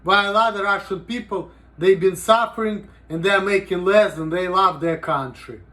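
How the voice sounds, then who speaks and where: A man's voice: sits high, moderate pace, bright, forceful tone. A man talking casually in a rambling, profane vlog monologue, with "you know" in almost every sentence. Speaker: vlogger.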